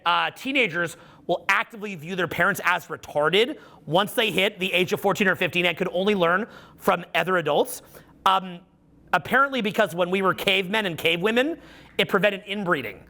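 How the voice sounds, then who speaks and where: Middle-aged male coach addressing a live audience, high bright voice, swears a lot and acts out the quotes. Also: fairly quick. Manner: animated, profane storytelling with acted-out quotes. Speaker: social skills coach. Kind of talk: live seminar talk.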